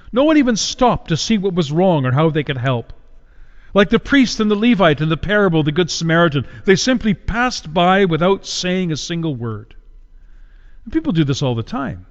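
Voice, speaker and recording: A man preaching a sermon with passion, swinging between hushed and loud delivery. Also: fairly high pitch. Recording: dull audio with long hall reverb.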